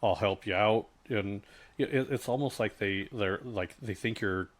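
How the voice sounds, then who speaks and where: A middle-aged man co-hosting a casual podcast chat, talking in halting starts with many fillers and restarts. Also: fairly low pitch. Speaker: podcast co-host.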